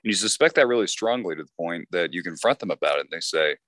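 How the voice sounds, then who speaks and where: Male co-host, deep low voice, dry close recording, wry. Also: fast, hardly any pauses, fairly bright tone, dry recording. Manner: wry, laid-back, mock-serious. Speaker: podcast co-host. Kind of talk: casual movie discussion.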